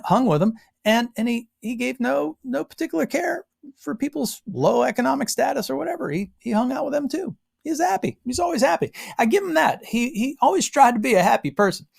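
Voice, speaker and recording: An American woman from Western Pennsylvania gives an informal Bible exposition as a Bible teacher. She tells stories animatedly with frequent asides, in a medium-pitched, creaky voice.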